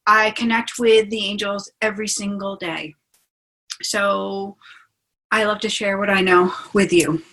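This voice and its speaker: A woman's voice: mid-range voice, fairly even intonation, a little slow, fairly bright tone, poor audio. Chatty woman teaching on a video call. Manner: chatty and enthusiastic, asks listeners along. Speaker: spiritual teacher hosting a webinar. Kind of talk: casual teaching talk.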